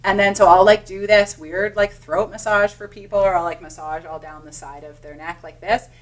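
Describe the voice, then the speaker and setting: A woman's voice: mid-range voice, fairly even intonation, normal speed, distant mic. A woman who is a massage therapist, chatting as a podcast guest and explaining with hands-on examples. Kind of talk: casual podcast chat.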